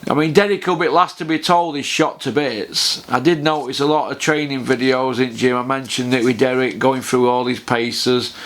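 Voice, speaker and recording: A man's voice: mid-range voice, fairly even intonation, normal speed, hardly any pauses, a bit bright. A man, ranting bluntly to camera about boxing and swearing freely on a casual vlog. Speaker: boxing vlogger.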